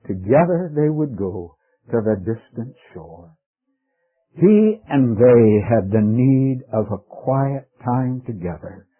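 A man preaching a sermon in an earnest, emphatic way, swelling on key words and dropping to soft asides. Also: lowish voice, husky. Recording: tinny phone-like lo-fi recording.

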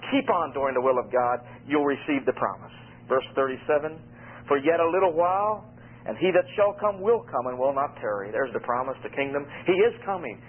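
A man preaching an expository sermon, reading scripture and explaining it with emphatic, animated delivery. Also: sits high, breathy edge. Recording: phone-like radio broadcast.

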